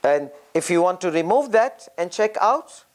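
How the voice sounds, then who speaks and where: A teacher giving a step-by-step lesson on reading, sounding out syllables one by one and thinking aloud with pauses and restarts. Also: medium pitch, very animated. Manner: drills syllables aloud, repeating each sound slowly.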